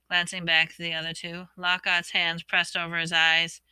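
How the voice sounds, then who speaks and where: A woman reading a storybook aloud, expressively voicing the characters' shouts and whispers. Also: fairly low pitch, monotone, moderate pace, clean tone, no echo. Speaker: audiobook reader.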